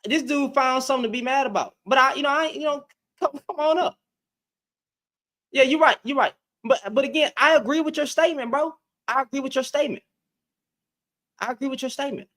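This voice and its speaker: Very high-pitched and fairly bright, the man speaks briskly but pauses often. He's hosting a relaxed livestream, talking to his chat with constant repetition and taunting.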